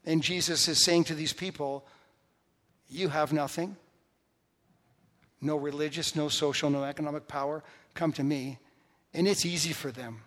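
A pastor delivers an emphatic sermon, repeating key phrases to drive each point home. His voice sits a little high for a man. It rings out with the long reverb of a large church sanctuary. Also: fairly even intonation, normal speed, pauses often, fairly bright tone.

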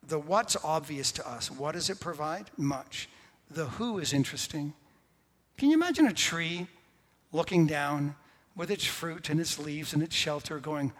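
A man pastor preaching a sermon, swinging from hushed, whispered lines to loud, emphatic ones. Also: fairly high pitch. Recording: reverberant hall.

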